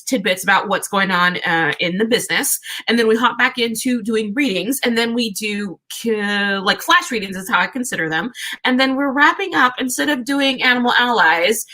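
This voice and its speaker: Bright-voiced, chatty woman tarot reader. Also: a little high. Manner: chatty and upbeat, greets viewers by name, often restarts phrases. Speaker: tarot reader hosting a live stream. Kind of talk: casual live-stream chat.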